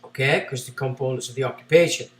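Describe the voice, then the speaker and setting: A man's voice: mid-range voice, fast talker. Scornful man, roomy distant sound. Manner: scornful, sarcastic asides between read passages. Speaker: livestream host. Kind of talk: ranting commentary while reading aloud.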